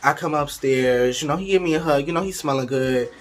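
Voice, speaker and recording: A man's voice: fairly high pitch, brisk, soft background music. A young man in casual storytime mode, chatty and candid, talking straight to his viewers. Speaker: vlogger.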